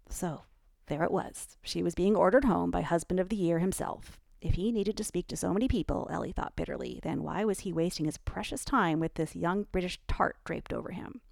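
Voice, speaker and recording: A woman with a low, gravelly voice reading a novel aloud in even, measured narration. The recording is close and dry. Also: no echo. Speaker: audiobook narrator. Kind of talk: scripted narration.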